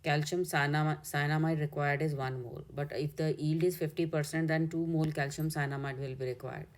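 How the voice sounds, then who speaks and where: A woman's voice: deep voice, steady tone, a little fast. A woman with an Indian English accent, a chemistry teacher working step by step through exam answers and correcting herself as she goes. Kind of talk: exam solution walkthrough.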